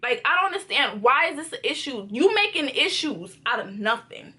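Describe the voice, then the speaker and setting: A young woman vlogger telling a storytime in an animated, expressive way. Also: sits high, normal speed. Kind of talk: storytime vlog.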